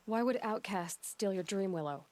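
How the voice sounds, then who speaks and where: A woman's voice: medium pitch, lively intonation, normal speed, a little mellow, natural voice. A young woman voicing a level-headed hunter in a video game, dry and sardonic, with game music behind. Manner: dry, sardonic, matter-of-fact.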